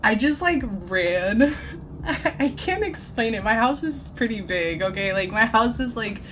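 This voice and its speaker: Casual tarot reader, woman, unhurried and giggly, filler-heavy rambling. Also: fairly high pitch, expressive, noisy background. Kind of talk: casual tarot channeling video. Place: at home.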